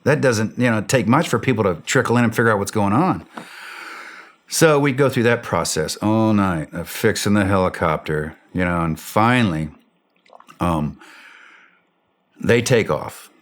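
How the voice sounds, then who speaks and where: A man telling a war story in a blunt way, swearing freely and acting out the shouted radio calls. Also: lowish voice, moderate pace, long pauses. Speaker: interview guest.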